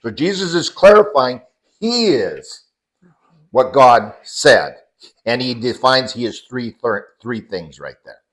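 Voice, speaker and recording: A man's voice: mid-range voice, big pitch swings, slow, fairly bright tone, low-quality recording. A man leading a casual group Bible study, explaining scripture and the Greek words behind it to the people around him.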